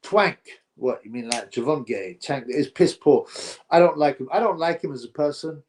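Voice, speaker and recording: A man's voice: a little high, moderate pace, a little mellow. Man, live-stream host, casual chat, blunt and opinionated, rambling. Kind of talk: casual live-stream chat, reading viewer comments aloud.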